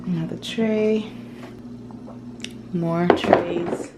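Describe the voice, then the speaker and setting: A woman's voice: on the low side, fairly even intonation, drawn-out words, very noisy. A woman vlogging casually at home, chatty and rambling, with frequent fillers like "like". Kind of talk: casual unboxing vlog. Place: at home, indoors.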